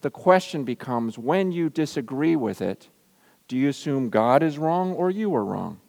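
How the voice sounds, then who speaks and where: A man in his forties preaching a sermon, swinging between loud bursts and quiet, intimate asides. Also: medium pitch, lively intonation, normal speed, vocal fry, long reverb tail. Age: 40s. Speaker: pastor.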